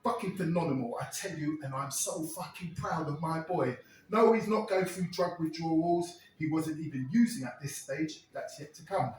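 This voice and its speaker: A man's voice: on the high side, normal speed, a little mellow, a little hiss or hum. A man performing a crude, wry monologue as a storyteller in a live one-man show. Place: stage at a live club. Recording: echoey room, mic far off.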